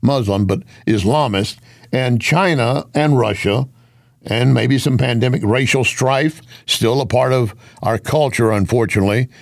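A man's voice: medium pitch, measured pace, vocal fry, no room sound, clean studio sound. A man hosting a radio talk interview, chatting with his guest and cutting in to push back. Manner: conversational, interjects and pushes back.

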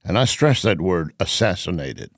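A middle-aged man hosting a talk radio show, speaking in an earnest, emphatic, measured way. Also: lowish voice, dry recording, studio quality.

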